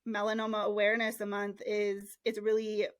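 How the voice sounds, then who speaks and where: A woman's voice: medium pitch, monotone, fairly quick, dry recording. A woman hosting a podcast, speaking in a heartfelt, reflective way in casual interview chat. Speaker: podcast host.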